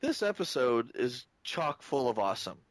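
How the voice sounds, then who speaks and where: A man co-hosting a podcast in easygoing chat, his voice swinging widely in pitch as he gets animated. His mid-pitched voice sits close and dry in the recording. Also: normal speed, no room sound. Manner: animated, hops into quoted voices. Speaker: podcast co-host. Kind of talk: casual chat.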